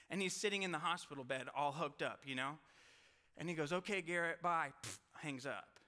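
Young man, chapel sermon in a reverberant hall; lively storyteller, high tense voice, self-deprecating. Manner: storytelling, self-deprecating humor, restarts and quick asides. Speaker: college chapel speaker.

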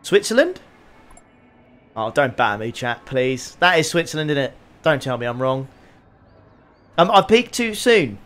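A man streaming a racing game, chatting casually with viewers, excitable and jokey with plenty of swearing. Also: medium pitch, moderate pace, pauses often. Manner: excitable, joking, swears freely. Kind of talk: casual live-stream commentary.

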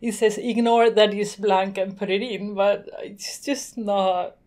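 Chatty woman hosting a software tutorial. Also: medium pitch, fairly even intonation, unhurried. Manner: chatty, laughs often, thinks aloud. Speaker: tutorial host. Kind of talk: screen-recorded software tutorial.

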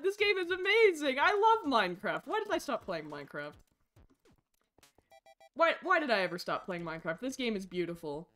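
A woman streaming a game and chatting with her viewers, excitable and squealing over cute animals, swearing casually, with faint game music behind her. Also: high-pitched, moderate pace. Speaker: Twitch streamer. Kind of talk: casual gaming livestream chat.

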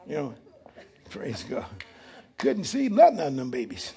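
A man's voice: medium pitch, huge pitch swings, a little slow, vocal fry, long pauses, dark tone, breathy edge. A man, preaching as pastor in a church, emphatic and full of rhetorical questions. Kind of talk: sermon.

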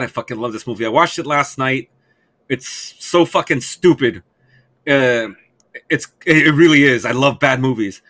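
A man co-hosting a podcast in casual chat, excitable and profane as he rambles. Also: mid-range voice. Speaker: podcast co-host.

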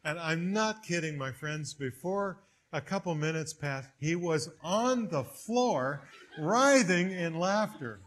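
A man preaching a sermon, telling stories with big swings in pitch and loudness. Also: lively intonation, slow pace. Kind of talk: sermon with storytelling.

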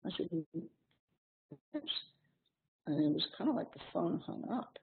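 A middle-aged woman giving a clinical seminar lecture. She explains in a measured way, with frequent pauses and ums. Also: lowish voice, expressive. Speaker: seminar instructor. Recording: tinny lo-fi seminar recording with faint hiss.

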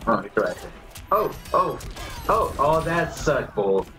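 A man giving excitable, swearing live commentary while playing a fighting game, reacting loudly to every move. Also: medium pitch, unhurried, soft background music. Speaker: gamer.

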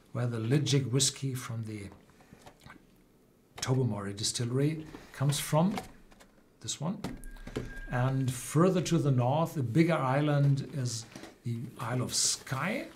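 Halting man guiding a whisky map. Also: medium pitch, a little mellow, a little hiss or hum. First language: German. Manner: hesitant, many fillers and restarts. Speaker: whisky tasting host. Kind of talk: livestream tasting talk.

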